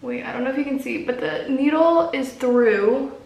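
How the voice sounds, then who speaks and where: A young woman talks casually to her viewers in a home vlog, chatty and nervous. Her voice sits a little high. It is picked up from a few steps away in a room with echo. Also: normal speed, creaky, a little mellow, distant mic. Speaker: vlogger.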